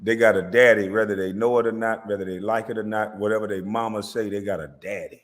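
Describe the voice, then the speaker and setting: A man's voice: fairly low pitch, steady tone, quick pace. A man ranting boastfully and brashly in a casual vlog, speaking straight to viewers. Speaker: vlogger. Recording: long reverb.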